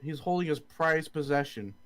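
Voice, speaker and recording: Deadpan young man, slightly high voice. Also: normal speed. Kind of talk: casual joking chat.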